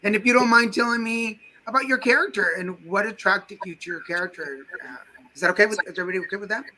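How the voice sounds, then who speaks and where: High-voiced chatty male host. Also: quick pace, pushed and bright, low-quality recording. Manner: chatty, joking, filler-heavy. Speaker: interview host. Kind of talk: casual interview with a theatre cast.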